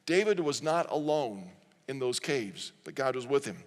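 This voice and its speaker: A man's voice: medium pitch, lively intonation, moderate pace, big-room sound. A man preaching a sermon as pastor, earnest, reading scripture aloud and leading the congregation in reading. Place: large church sanctuary.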